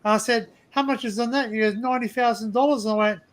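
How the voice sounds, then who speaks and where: A man's voice: high-pitched, fairly even intonation, racing, fairly bright tone, clean tone. A man hosting a live stream, chatting casually and telling rambling anecdotes with plenty of swearing.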